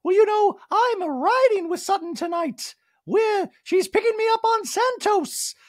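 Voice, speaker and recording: A man voicing a shrill, dramatic reality-TV wife, squealing and overwrought in falsetto. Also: animated, unhurried, dry recording, studio quality. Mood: gossipy.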